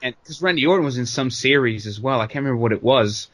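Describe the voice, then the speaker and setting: A man co-hosting a wrestling podcast chats casually and loosely, swearing a lot, leaning on fillers, and doing jokey quoted voices. His medium-pitched voice is fairly bright and he talks fast.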